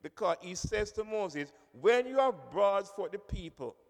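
A man's voice: high-pitched, sing-song, measured pace. A man preaching a sermon, emphatic, repeating key phrases and calling on listeners by name. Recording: long reverb of a hall.

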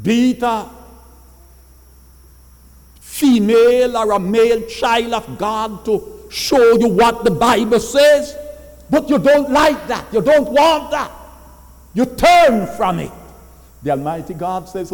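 Emphatic high-voiced man preaching in a hall. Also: lively intonation. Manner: emphatic preaching with repeated words and slow stressed phrases. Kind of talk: sermon.

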